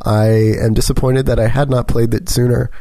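A sick man chatting on a podcast, giving his thoughts with dry, deadpan humor. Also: medium pitch, fairly quick, no echo. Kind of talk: casual chat.

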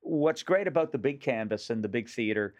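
A man's voice: medium pitch, lively intonation, brisk. A man in his fifties from Nova Scotia, a comedian telling rambling, joke-filled stories as a radio guest. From Nova Scotia, Canada. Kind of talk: casual radio interview.

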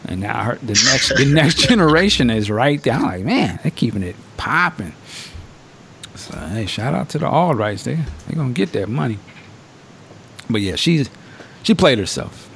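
A man hosting a podcast in casual, profane chat, with a middle-pitched voice. His pitch swings widely as he tells stories and acts out what people said, jumping high for quotes. He laughs often between lines. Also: moderate pace, gravelly, a little hiss or hum. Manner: animated storytelling, acting out quotes in a raised voice. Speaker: podcast host.

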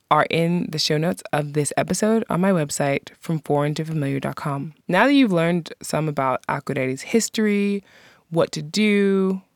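A podcast host giving scripted narration in an informative way, slowing down to pronounce local words. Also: mid-range voice, no echo, studio quality.

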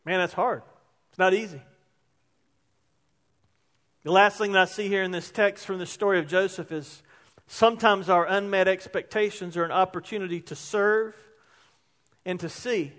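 A man's voice: high-pitched, normal speed, long pauses, a bit bright. A male pastor preaching a sermon in a conversational, emphatic way, weaving in personal stories.

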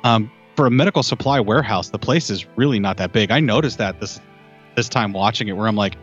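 A man with a fairly low voice talks through a film in an easy, rambling way, padding his sentences with little fillers. Faint music sits quietly under the talk. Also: fast, husky, highs cut off. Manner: talkative, fills with "like" and "you know". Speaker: film podcast co-host. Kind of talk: casual film discussion.

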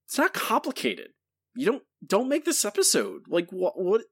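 Animated, ranting male podcast host. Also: high voice, normal speed, husky. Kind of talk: casual podcast chat.

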